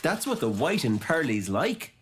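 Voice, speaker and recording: A woman's voice: a bass voice, sing-song, normal speed. A woman voicing a kindly grown-up in a children's cartoon, speaking in a soothing, encouraging way.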